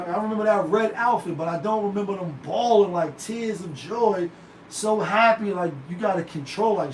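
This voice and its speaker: A man hosting his own unscripted commentary show, talking in slangy, emphatic rants full of rhetorical questions. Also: high voice. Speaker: show host. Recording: roomy, distant mic with faint noise.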